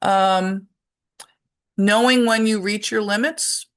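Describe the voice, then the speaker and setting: A middle-aged woman presenting a parenting workshop in a conversational way, acting out short examples and filling her pauses with "um". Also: medium pitch, fairly even intonation. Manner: conversational, with many fillers and acted-out examples. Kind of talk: informal presentation talk.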